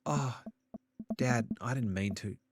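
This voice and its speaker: A man's voice: mid-range voice, slow pace, noisy background, natural voice. A man reading the lines of a sassy teenage girl in a game, with a dry, offhand manner. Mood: dismissive. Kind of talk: reading game dialogue aloud.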